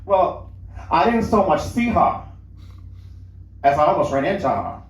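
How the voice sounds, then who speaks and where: A man tells a first-person story aloud at a live lounge show, pitched a little high. He talks in a relaxed, conversational way with small restarts. The room sounds roomy, and the mic sits at a distance. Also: measured pace. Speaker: reader.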